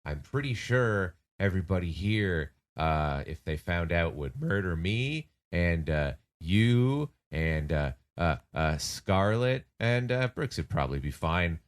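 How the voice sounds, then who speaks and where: A man voicing a bitter young male necromancer who grumbles in a halting, resentful way. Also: sits low, expressive.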